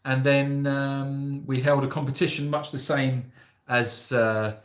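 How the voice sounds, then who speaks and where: A man's voice: medium pitch, level tone, slow pace. A man telling stories in a loose, rambling, chatty way as a host. His voice sits mid-range and echoes in a roomy space. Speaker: sanctuary host. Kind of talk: casual livestream chat. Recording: echoey room.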